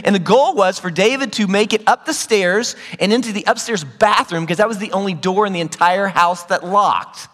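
Animated middle-aged pastor, high, lively voice, long hall reverb. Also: male voice, fast. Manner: animated storyteller, jumps to loud high squeals when acting scenes. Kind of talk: sermon.

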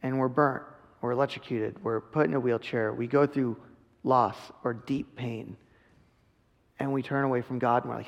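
A man's voice: mid-range voice, fairly even intonation, moderate pace, gravelly, highs cut off. A man in his thirties preaching a sermon in a casual, earnest way, slipping into quoted voices. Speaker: pastor. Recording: long reverb of a large hall.

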